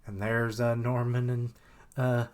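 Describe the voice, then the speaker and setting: A man's voice: mid-range voice, level tone, unhurried, darkish tone. A man giving casual live reaction commentary on an anime, swearing freely and thinking aloud.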